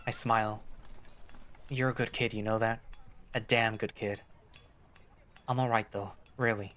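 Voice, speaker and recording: Slow, unhurried male story reader. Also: lowish voice, fairly even intonation, fairly bright tone. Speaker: reader of a visual novel. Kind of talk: first-person story narration with character dialogue.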